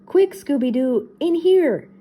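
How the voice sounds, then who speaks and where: A woman voicing a goofy, easily scared teenage boy, speaking high and loud. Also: slow pace. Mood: excited. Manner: high excited yelling.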